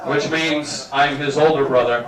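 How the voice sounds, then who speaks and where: A man's voice: mid-range voice, steady tone, measured pace. A man doing a wry, self-mocking stand-up set, chuckling through his lines. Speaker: stand-up comedian. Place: small comedy club. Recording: roomy club from far off, crowd laughing.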